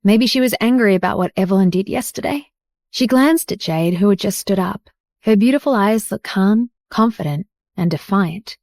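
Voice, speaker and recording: A woman reading a romance audiobook in steady scripted narration. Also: medium pitch, normal speed, dry recording, clean studio sound.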